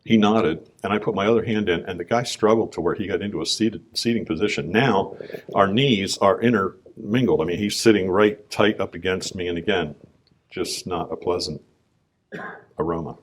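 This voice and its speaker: A business owner with a low-sitting voice gives a personal testimony on a conference stage, speaking conversationally at a moderate pace and clearing his throat now and then.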